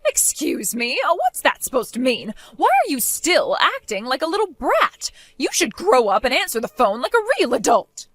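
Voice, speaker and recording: A woman voicing a bossy, controlling middle-aged mother-in-law in an animated story, talking in a demanding, scolding way. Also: sits high, moderate pace, hardly any pauses, dry recording, exaggerated voice.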